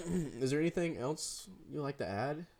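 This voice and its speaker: A man's voice: on the high side, lively intonation, moderate pace, darkish tone, slight background noise. Brief: teen boy podcast co-host, casual slangy chatter, laughs a lot. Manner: slangy, laughs often, rambling. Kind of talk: casual chat between friends.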